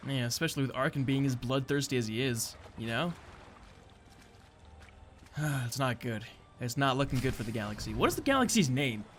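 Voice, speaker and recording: A man's voice: medium pitch, a little hiss or hum. A man giving casual let's-play commentary, rambling and joking about himself. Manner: rambling, self-deprecating, jokey. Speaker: gameplay commentator. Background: game music.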